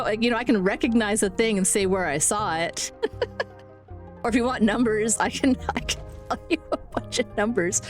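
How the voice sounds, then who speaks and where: A woman in her forties chatting casually on a live game stream, rambling, swearing casually and laughing often. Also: medium pitch. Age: 40s. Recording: faint music behind.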